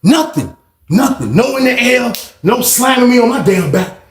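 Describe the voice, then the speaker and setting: A man telling a story in casual chat, animated and profane, full of street slang and vocal sound effects. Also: very high-pitched, normal speed. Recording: roomy echo.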